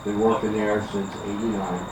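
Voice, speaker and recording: A man's voice: fairly low pitch, level tone, moderate pace. An older man from Philadelphia doing chatty stand-up comedy at an outdoor backyard party, teasing the crowd. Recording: echoey, distant, noisy outdoor party recording.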